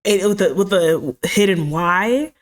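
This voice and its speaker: A woman's voice: on the low side, measured pace. A woman from the American South with a Southern accent, co-hosting a casual podcast and reacting in an easygoing way. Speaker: podcast co-host. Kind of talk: casual chat.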